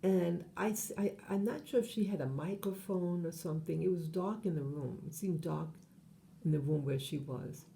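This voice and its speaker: A woman's voice: on the low side, moderate pace, vocal fry, dark tone. A woman hosting her channel, talking in a meandering monologue full of fillers and self-corrections. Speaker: channel host. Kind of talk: rambling monologue.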